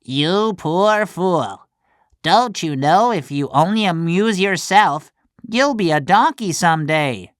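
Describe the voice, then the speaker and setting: A woman voicing a hundred-year-old talking cricket who lectures slowly and sternly. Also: lowish voice, lively intonation, dry recording, clean studio sound, pitched above the performer's own voice. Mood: scolding. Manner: slow, scolding and lecturing.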